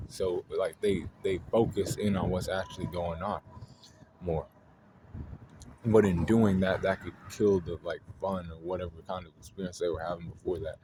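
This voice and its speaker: A man's voice: deep voice, background noise. A man hosting an astrology video, talking in a loose, rambling way, full of fillers and swearing. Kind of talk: casual spoken monologue.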